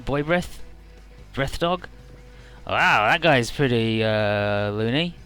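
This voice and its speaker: A man's voice: medium pitch, slow, a bit bright, clean tone, faint music behind. A man casually commenting on a video game he is playing. He jokes and rambles, with lots of "uh" fillers. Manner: joking, rambling, many "uh" fillers. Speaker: video game let's player.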